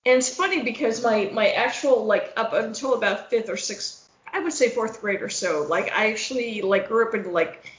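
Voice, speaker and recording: A woman chatting casually, slipping into exaggerated voices to act out her stories and swearing freely as she goes. Her voice sits a little high. The recording is roomy and echoey, with a dull, lo-fi tone. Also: moderate pace. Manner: animated storyteller, acts out voices, curses freely. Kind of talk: casual chat. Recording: roomy echo, dull lo-fi sound.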